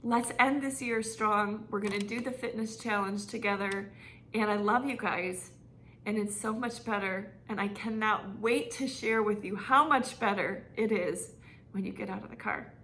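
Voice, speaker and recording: A middle-aged woman talks straight to her fitness members in an earnest, gently emotional way, sharing a personal story. Her voice has a gravelly touch of fry at a middle pitch. A faint hiss sits under the recording. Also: moderate pace. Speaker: online fitness coach. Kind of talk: heartfelt monthly update to members.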